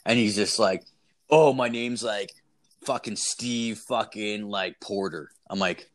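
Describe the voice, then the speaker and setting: A man's voice: fairly low pitch, takes it slowly. A young man casually telling a story, swearing constantly and acting out what everyone said. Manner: swears constantly, animated retelling with quoted voices.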